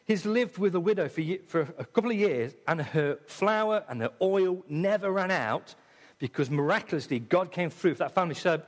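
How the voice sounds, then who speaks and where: Preacher with an English accent in a reverberant church. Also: male voice, sits high, expressive, a little fast. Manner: dramatic, acts out voices in quotes, swings loud and soft. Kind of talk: sermon. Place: church hall.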